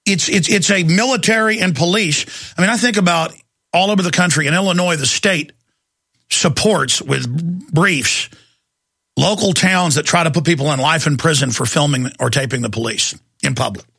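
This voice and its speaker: A man hosting a talk radio show, ranting heatedly and shouting at times, then taking calls. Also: a little high, creaky, slightly rough. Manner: angry, shouting at times, fast bursts.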